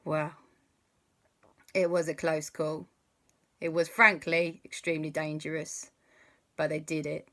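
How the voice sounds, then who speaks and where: Woman, low voice, improvised kids' story, playful, sound effects. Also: flat delivery, normal speed, a bit bright. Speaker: children's storyteller. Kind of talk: improvised bedtime story for kids.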